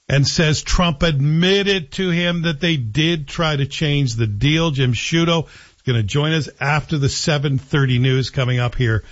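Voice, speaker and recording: A husky, forceful man from Canada holds forth on his talk radio show, pushing his opinions hard and letting his voice climb when he gets fired up. He sits right on a dry studio mic. The broadcast sound is a little dull. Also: dry recording. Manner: forceful, combative, rising pitch when worked up.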